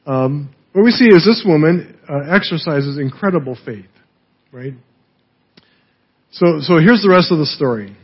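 Husky-voiced man preaching conversationally. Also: on the high side, lively intonation, unhurried, long pauses. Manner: conversational preaching with frequent "right?" tags. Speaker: pastor. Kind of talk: sermon. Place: church service. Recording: dull, muffled sermon recording.

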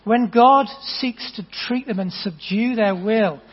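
Husky high-voiced preacher. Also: male voice, measured pace. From England. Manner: earnest, storytelling, conversational with gentle asides. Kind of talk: sermon. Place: church hall. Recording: dull, long reverb in a church hall.

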